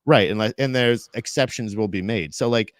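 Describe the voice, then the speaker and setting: A man co-hosting a casual podcast chat, rambling with many restarts and quick asides. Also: on the low side, no echo, clean studio sound. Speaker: podcast co-host.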